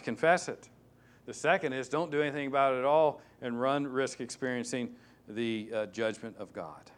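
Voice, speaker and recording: A male pastor preaching a sermon, emphatic and repetitive, swinging between loud stresses and hushed asides. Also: medium pitch. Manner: repeats key words for stress.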